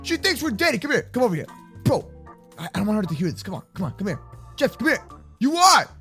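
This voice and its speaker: A man talking excitedly and loudly with lots of slang while roleplaying through a video game. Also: high voice, quick pace, slightly rough, faint music behind. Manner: excitable, loud, slangy, often exclaiming. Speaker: YouTube gamer roleplaying in Minecraft. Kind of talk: energetic gaming roleplay chat.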